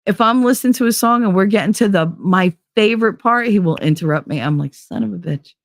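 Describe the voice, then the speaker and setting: A middle-aged woman hosting a live show, chatting casually in a blunt, profane, animated way. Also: mid-range voice, quick pace, dry recording, studio quality. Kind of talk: casual chat on a live stream.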